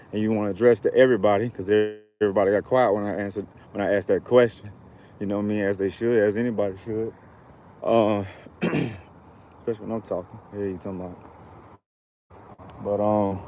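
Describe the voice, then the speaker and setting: A man's voice: fairly low pitch, warm tone, a little hiss or hum, low-quality recording. A man from Georgia, telling a heated, profane story in a casual rant to camera. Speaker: vlogger.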